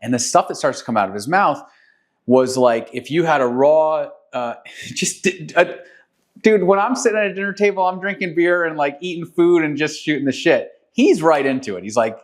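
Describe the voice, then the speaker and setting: A man's voice: a little high, normal speed. A man from New York City, co-hosting a podcast, telling a long rambling story full of ums and self-corrections. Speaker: podcast co-host, real estate agent. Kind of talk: casual storytelling chat.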